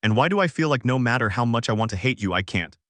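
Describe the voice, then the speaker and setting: A man's voice: mid-range voice, lively intonation, quick pace, a bit bright, no room sound, close to an everyday voice. A man reading as a pleading elf woman. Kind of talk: storybook dialogue reading.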